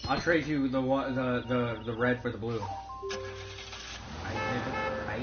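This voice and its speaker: A young man bantering excitably during a board game, often cutting in. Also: mid-range voice, normal speed, echoey room, music in the background. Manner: excitable, interrupting. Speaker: co-player. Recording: lo-fi, with loud chatter behind.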